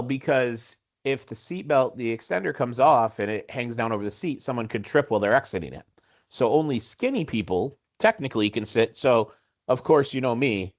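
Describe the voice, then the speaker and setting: A man in his forties, a podcast co-host, telling a story in casual chat with animated, self-mocking humor. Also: mid-range voice. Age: 40s.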